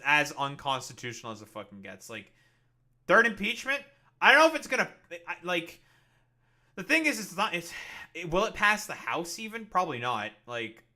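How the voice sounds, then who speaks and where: A man's voice: a little high, sharp tone. A man streaming, reacting to a video in rambling, profane, sarcastic casual commentary. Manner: halting, with many fillers and restarts.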